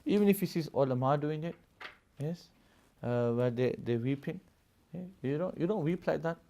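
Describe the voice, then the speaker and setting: A man's voice: a little high, lively intonation, moderate pace, dark tone. A man teaching a live classroom lesson, explaining at length, laughing often, and checking in with his students as he goes. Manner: explanatory, keeps checking in with "Yes?" and "Yeah?". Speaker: religious studies teacher.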